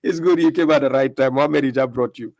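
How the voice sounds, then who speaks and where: A man's voice: mid-range voice, fast, a crowd in the background. A man with a Ghanaian accent hosting a live debate stream with callers, taunting and laughing often. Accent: Ghanaian English.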